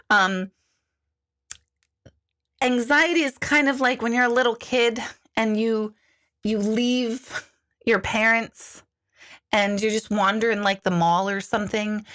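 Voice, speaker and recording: Blunt, chatty middle-aged woman. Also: bright, forceful tone. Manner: chatty and blunt, jumps into high panicky voices for quoted thoughts. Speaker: intuitive coach answering viewer questions. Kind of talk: casual live talk.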